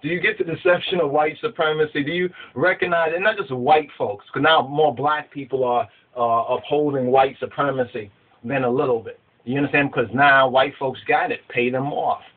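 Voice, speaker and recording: A man's voice: mid-range voice, fairly even intonation, normal speed. A man giving a spiritual teaching, emphatic and repetitive, asking his listeners rhetorical questions. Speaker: religious teacher. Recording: phone-like narrow sound.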